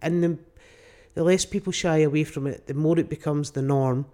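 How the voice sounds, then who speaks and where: A man, a stand-up comedian, talking casually and rambling with lively energy as a podcast guest. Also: fairly high pitch, normal speed. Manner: animated, rambling, mimics people mid-story.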